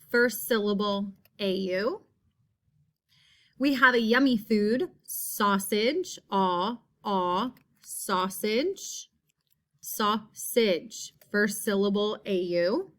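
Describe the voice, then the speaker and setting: Female teacher, slightly high, unhurried; walks young kids through word sounds one by one. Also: fairly bright tone. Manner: slow, drawn-out repeating of word sounds. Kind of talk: phonics lesson for young children.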